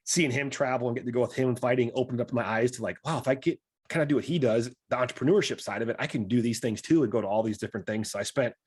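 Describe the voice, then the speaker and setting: Fast-talking husky man telling stories. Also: mid-range voice, darkish tone. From South Dakota, US. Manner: rambling, chuckles between anecdotes. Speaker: podcast guest. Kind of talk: casual storytelling interview.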